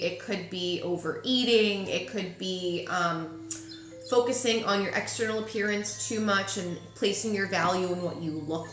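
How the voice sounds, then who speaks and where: A woman's voice: medium pitch, a bit bright. A woman giving a casual spiritual forecast, chatty and emotional, often checking in with "okay?". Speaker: intuitive reader. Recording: echoey room with faint ambience.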